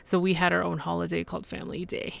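A young woman hosting her solo podcast, gushing and excited, with lots of fillers and restarts. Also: on the low side, quick pace, gravelly, no echo. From Canada. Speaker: podcast host. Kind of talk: casual solo podcast chat.

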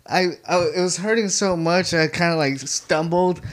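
A young man chatting as a guest, telling stories in an animated way with lots of fillers like "you know" and "like". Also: high-pitched, takes it slowly. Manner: animated storyteller, many fillers. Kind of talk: casual chat.

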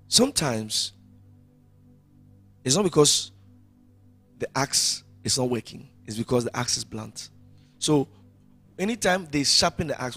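A man preaching a sermon as pastor, rising loud and then dropping to quiet. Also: medium pitch, husky.

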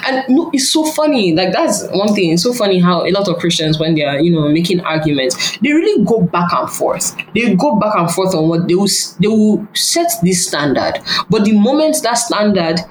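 A Nigerian woman speaking bluntly and with lively energy, swearing as easily as she argues. Her voice sits at a middle pitch and rings out in a roomy space with faint ambient noise behind it. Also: moderate pace, few pauses. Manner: blunt, animated, swears freely. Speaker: podcast guest. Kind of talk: casual podcast conversation.

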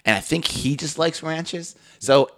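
A man's voice: fairly high pitch, a little slow, fairly bright tone. A man co-hosting a comedy podcast, chatting casually, swearing often and acting out bits in put-on voices. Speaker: podcast co-host.

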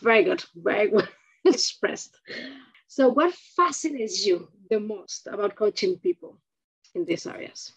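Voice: mid-range voice, lively intonation, measured pace, breathy edge, muffled recording. An interviewer who backs the guest with short affirmations and asks follow-up questions.

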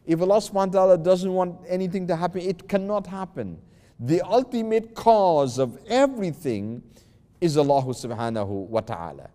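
Man, religious teacher, patient explanatory lesson, recites and repeats words, warm mellow tone, long hall echo. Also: sits high, lively intonation, moderate pace. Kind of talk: explanatory lesson, recited Arabic verses then translated.

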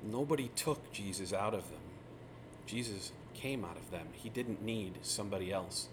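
A man teaching through a Bible passage in a relaxed, conversational way, retelling the scenes with lively asides. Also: fairly low pitch, moderate pace, noisy background. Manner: casual, animated retelling of scripture scenes.

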